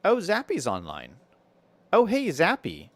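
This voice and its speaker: A man's voice: high voice, wildly swooping pitch, a little slow, dry recording. A man streaming a building game, chatting casually with viewers and thinking aloud as he builds, with an American accent and frequent laughs.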